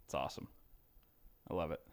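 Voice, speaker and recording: A man co-hosting a podcast in casual, animated, rambling chat. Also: brisk. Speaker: podcast co-host.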